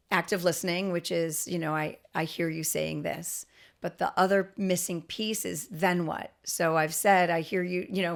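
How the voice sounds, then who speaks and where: A middle-aged woman talks as a podcast guest, earnest and explanatory, restarting her sentences as she goes. Her voice sits a little low with a gravelly edge. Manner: earnest, explanatory, with frequent restarts and light laughs. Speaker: guest, autism expert. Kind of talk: podcast interview.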